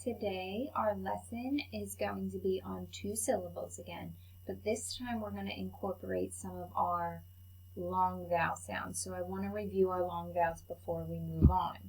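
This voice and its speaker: A woman teaching a phonics lesson to young children, sounding out letters slowly and patiently. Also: fairly low pitch, fairly even intonation, darkish tone, low-quality recording. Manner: slow, patient, clearly enunciated teacher talk.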